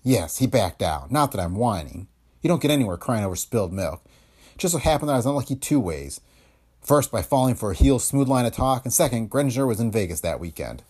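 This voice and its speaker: A man voicing a nervous young actress, breathy and stammering, in an audiobook of a detective story. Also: mid-range voice, very animated, fairly quick, darkish tone. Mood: rueful. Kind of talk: audiobook character voice.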